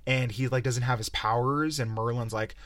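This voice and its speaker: A man's voice: medium pitch, fairly even intonation, normal speed, fairly bright tone, dry recording. A young man hosting a podcast, giving a profane, exasperated, rambling game review on a close mic. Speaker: podcast host. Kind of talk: casual game-review rant.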